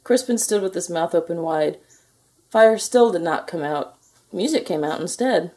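In a fairly low voice at normal speed, a storybook reader shares a children's picture book aloud. Her delivery is gentle and expressive.

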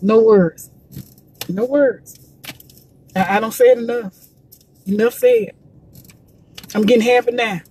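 A woman's voice: a little high, fairly even intonation, slow pace, long pauses, mellow, slight background noise. A woman promoting gospel music in a casual livestream, urging listeners with emphatic, repetitive preachy calls.

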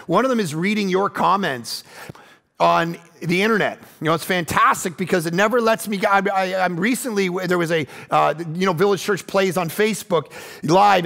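High-voiced gravelly man preaching. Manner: animated storytelling that acts out quoted voices; self-deprecating and conversational. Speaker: pastor. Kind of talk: sermon.

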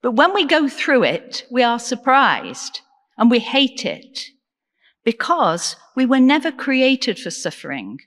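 A woman preaches a sermon at an unhurried pace, earnest and measured, often turning to questions for her listeners. Her voice carries a long reverb from the church around her. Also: a little high, very animated, fairly bright tone. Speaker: deacon preaching.

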